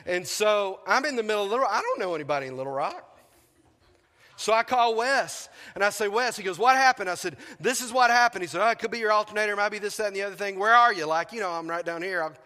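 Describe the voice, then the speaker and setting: A man delivers a storytelling sermon as a pastor, playing out the dialogue with lively energy. His voice is high and bright. The sound carries a long reverb from a church sanctuary. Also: quick pace. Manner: animated storyteller acting out dialogue.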